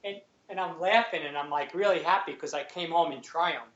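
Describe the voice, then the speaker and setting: Lively New York man telling a story. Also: fairly high pitch, brisk. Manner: acts out other people's lines, chatty, laughs often. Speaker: guest, actor and former police sergeant. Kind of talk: animated storytelling. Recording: roomy, slightly dull lo-fi sound.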